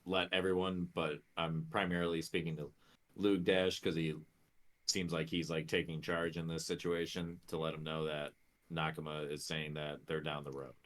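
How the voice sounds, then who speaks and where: A man with a low voice plays a tabletop game in casual chat. He hesitates and restarts often as he works out what his character does. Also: flat delivery, moderate pace, fairly bright tone. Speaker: player.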